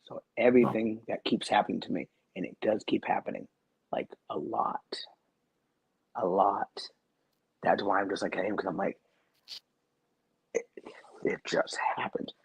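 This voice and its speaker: A man's voice: on the low side, moderate pace, gravelly, long pauses, breathy edge, no echo, dull audio. A man who is a guest on a talk show, telling a personal story in a rambling, earnest way and repeating his phrases.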